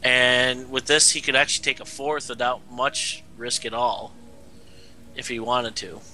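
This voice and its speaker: A man's voice: mid-range voice, level tone, measured pace, sharp tone, soft background music, poor audio. A man giving casual, confident color commentary on a strategy game match. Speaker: esports co-caster.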